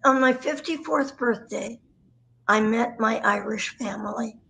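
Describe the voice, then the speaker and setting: A woman's voice: a little high, unhurried, creaky, bright, forceful tone, poor audio. A woman in her nineties, a voice performer, telling rambling anecdotes with self-deprecating humor in a chatty interview. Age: 90s. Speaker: guest, voice performer.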